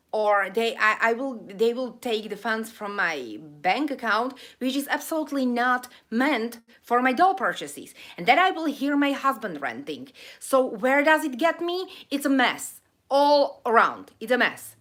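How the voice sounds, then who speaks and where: A woman's voice: fairly high pitch, a bit bright. Heated woman host ranting on a livestream. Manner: emotional, ranting, speaks with an accent she calls funky. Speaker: livestream host reading viewer chat. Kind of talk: heated live-stream chat.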